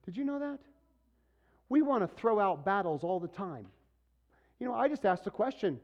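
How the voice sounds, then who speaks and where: A man preaching a sermon to his church in a lively, conversational way, acting out what people say. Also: high-pitched, normal speed, dull audio. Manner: animated, conversational preaching with acted-out quotes. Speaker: pastor.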